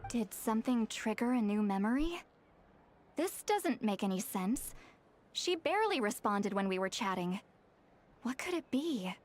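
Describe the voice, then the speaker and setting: Young game mage, dry, teasing, a bit high. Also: female voice, sing-song, unhurried. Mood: puzzled. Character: wry young female mage posing as a granny.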